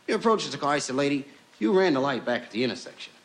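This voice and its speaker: A man performing a stand-up comedy story, acting out the people in it with lively voices. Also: mid-range voice, fast. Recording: noisy old television recording.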